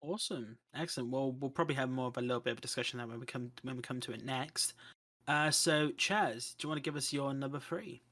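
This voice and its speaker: A man's voice: medium pitch, fast talker, bright, forceful tone. A man hosting a podcast, cueing each co-host with brief upbeat remarks. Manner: upbeat, moves the show along with short cues. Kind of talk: casual chat.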